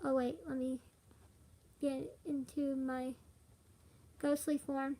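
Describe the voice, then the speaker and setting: A woman's voice: high-pitched, little pitch movement, slow, dark tone. A young woman chats on a live stream. She sounds worn out and rambles from one thought to the next, full of fillers. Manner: rambling, with frequent fillers and laughs. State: tired. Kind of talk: casual live stream chat.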